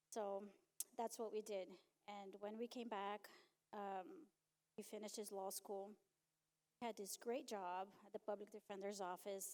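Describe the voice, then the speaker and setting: A middle-aged woman giving a personal testimony at a conference, telling her story with animated back-and-forth dialogue. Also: mid-range voice. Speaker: conference speaker.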